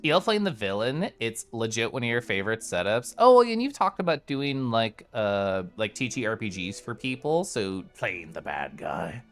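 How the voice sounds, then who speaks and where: Brief: excitable streamer, lively swooping voice, mumbles then bursts out, game music under it. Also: mid-range voice, moderate pace, few pauses. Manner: chatty, excitable, reads chat aloud; swings from mumbled to loud bursts. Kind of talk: casual gameplay commentary.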